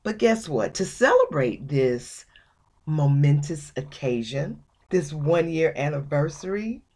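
Low, slow-talking woman host. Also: a little mellow, breathy edge. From Georgia, USA. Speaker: podcast host. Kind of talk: casual podcast talk.

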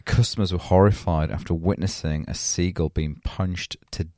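A man's voice: normal speed, no echo, clean studio sound. A man co-hosting a casual podcast, reading out news stories with jokes and laughter. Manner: jokey, laughing, with lively swings in pitch. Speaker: podcast co-host.

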